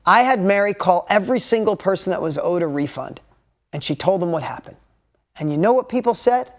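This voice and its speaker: A man's voice: high voice, fast talker. A man delivers a motivational storytelling talk to an audience. He speaks candidly and bluntly, swears casually, and lets his emotion show. He keeps urging his listeners to take notes.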